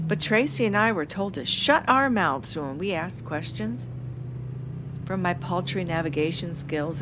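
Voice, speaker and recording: Low-voiced woman reading a wry memoir. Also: background noise. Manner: wry, self-mocking humor. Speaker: podcast host reading her memoir. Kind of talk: first-person memoir narration.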